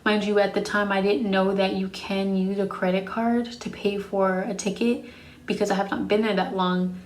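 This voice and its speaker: A woman's voice: mid-range voice, little pitch movement, moderate pace, reverberant. A young adult woman telling a personal story in a casual storytime vlog, frank and profane. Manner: frank and profane, blunt retelling.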